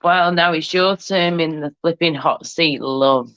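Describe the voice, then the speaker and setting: A woman's voice: sits low, measured pace, fairly bright tone, smooth, no room sound, lo-fi sound. A woman co-hosting a livestream in casual chat, teasing guests and calling everyone darling and love. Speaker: livestream co-host.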